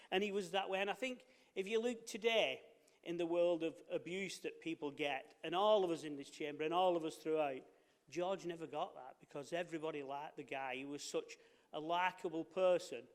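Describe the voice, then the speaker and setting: A man giving a plain, conversational tribute in a council meeting. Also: on the high side. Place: council chamber. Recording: echoey council chamber.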